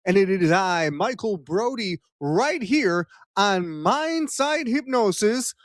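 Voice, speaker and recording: A man's voice: high-pitched, animated, slow pace, no echo, studio quality. A man hosting a live-streamed talk show, joking with the audience in a playful, showy way with lots of fillers. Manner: jokey, showman energy, many fillers.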